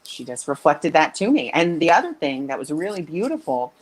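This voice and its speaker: A woman's voice: low voice, a little fast, low-quality recording. A woman who works as a spiritual intuitive coach, telling stories in a casual interview and acting out the voices of the people she quotes. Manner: animated, acts out quoted voices.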